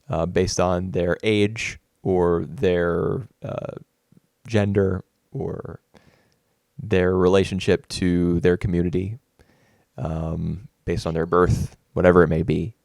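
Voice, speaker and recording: Low gravelly guy rambling thoughtfully about movies, dry close sound. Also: darkish tone, no echo. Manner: thoughtful, rambling, many fillers and restarts. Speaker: podcast co-host. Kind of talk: casual film review chat.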